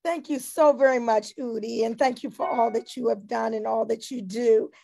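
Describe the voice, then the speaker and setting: A woman's voice: a little high, steady tone, moderate pace, creaky, a little hiss or hum. A woman hosting an online tribute gathering, emotional and teary as she thanks each speaker and brings the next one up. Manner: tearful, emotional, warm thanks. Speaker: host.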